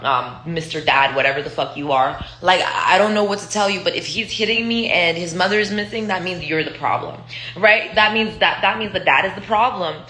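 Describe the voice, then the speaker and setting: A woman's voice: lowish voice, sharp tone. A woman in her twenties from Israel, telling personal stories in a loose, profane, rambling way with lots of fillers. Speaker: vlogger. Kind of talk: casual storytelling monologue. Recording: echoey room.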